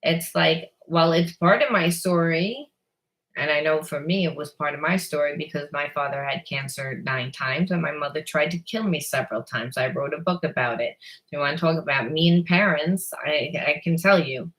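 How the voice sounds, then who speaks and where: A psychic reader gives a spiritual card reading in a deep, fairly bright voice at normal speed. She's rambling and blunt, swears casually, and keeps repeating words and restarting.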